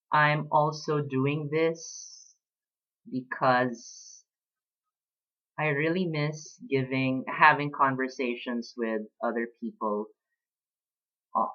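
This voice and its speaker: A man in his late twenties talking reflectively in a casual personal vlog, pausing often with fillers as he talks about books. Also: a little high, sharp tone, highs cut off. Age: late 20s. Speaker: vlogger.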